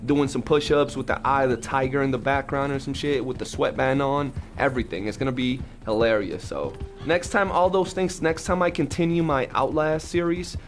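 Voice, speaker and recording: A young man chatting casually on a live game stream, talkative and slangy, telling animated stories to his chat. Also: medium pitch, moderate pace, few pauses, faint music behind.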